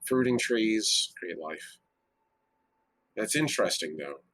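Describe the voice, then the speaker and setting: A man's voice: on the low side, animated, slow, a bit bright. A man playing a tabletop game, thinking aloud in a loose, chatty way. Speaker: player. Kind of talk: casual tabletop game talk.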